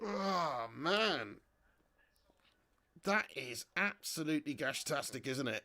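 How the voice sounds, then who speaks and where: A man hosting a live football watch-along, reading viewer chat aloud, swearing freely and bursting into shouts at big moments. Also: a little high, animated, slow. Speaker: fan channel host. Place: home setup in front of a green screen.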